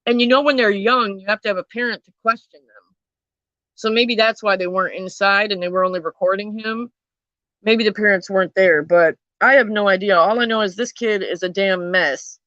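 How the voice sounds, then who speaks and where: A woman's voice: mid-range voice, moderate pace, sharp tone, dry recording, lo-fi sound. A woman telling a true crime story in a casual, chatty way, swearing freely and talking to her viewers.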